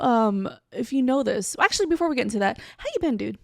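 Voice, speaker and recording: A woman hosting a comedy podcast, chatting in a brash, swearing, laugh-prone way. Her voice sits on the higher side, and the recording is dry and close with little room sound. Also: animated, creaky, a little mellow, no room sound. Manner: brash, profane and quick to laugh. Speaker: podcast host. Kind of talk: casual comedy podcast chat.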